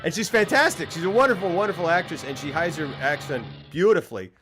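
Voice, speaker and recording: Man, casual chat, lively swooping pitch, loud film music behind. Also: fast. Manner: animated, repeats words playfully, storytelling. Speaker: stream co-host.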